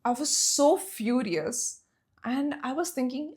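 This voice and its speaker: A woman's voice: high voice, expressive, moderate pace, a little mellow. A young woman from Saudi Arabia telling a personal story in a storytime vlog, emotional and emphatic. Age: young adult.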